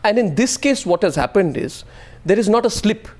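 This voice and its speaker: A man's voice: high-pitched, animated, normal speed, darkish tone. A man moderating a heated TV debate, insistently cutting in and repeating his questions.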